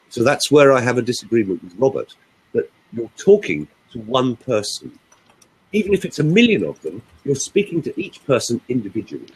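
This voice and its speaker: His voice is medium in pitch and husky, and the recording is rough. Speaking on a group call, he gives emphatic, animated coaching on voice use, demonstrating pauses himself.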